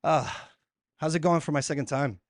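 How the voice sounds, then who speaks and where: A man in his thirties doing a laid-back, chatty stand-up set. He talks to the room like he is with friends. His voice sits a little high, and the sound is dry and close. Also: normal speed, no room sound. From Puerto Rico. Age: 30s. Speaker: stand-up comedian. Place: comedy club stage.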